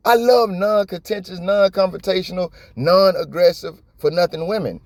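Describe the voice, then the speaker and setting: A man's voice: high voice, normal speed, a little mellow, no room sound. A man giving blunt, profane, impassioned reaction commentary in a slangy, conversational way. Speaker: video commentator.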